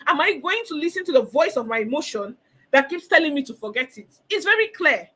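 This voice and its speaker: High bright woman giving counsel. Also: very animated, a little fast. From Nigeria. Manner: emphatic, repeats phrases, acts out inner voices. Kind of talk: motivational talk.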